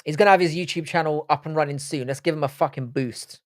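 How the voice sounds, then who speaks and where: A man's voice: fairly high pitch, fast talker, no room sound. A man hosts a live stream, chatting casually and reading out viewer comments. His talk is loose and sweary, full of teasing banter. The recording is dry and close, with no room sound. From Britain. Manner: joking, sweary banter with chat.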